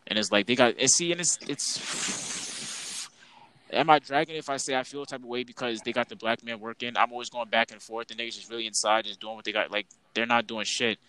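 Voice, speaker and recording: A man's voice: mid-range voice, fairly even intonation, a little fast, sharp tone, clear, resonant tone, low-quality recording. A young man co-hosting a casual podcast, ranting in an exasperated, slang-heavy way about his coworkers. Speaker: podcast co-host.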